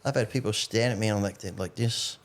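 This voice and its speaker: Fast-talking man swearing through stories. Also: fairly low pitch, steady tone. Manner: swears freely, acts out quotes while storytelling. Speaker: podcast guest. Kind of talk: casual chat.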